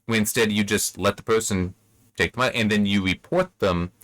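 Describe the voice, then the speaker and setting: A man's voice: fairly low pitch, a little fast, a bit bright, dry recording. Rambling man reviewing a book, dry sound. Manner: rambling, self-correcting, acts out quoted characters. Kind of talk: casual spoken book commentary.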